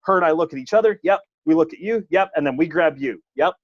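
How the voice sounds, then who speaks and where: A fast-talking man whose voice is on the high side, he's a wrestling referee poking fun at himself through a lively, funny anecdote in casual podcast conversation. The audio is dull, lo-fi and dry, with no room sound.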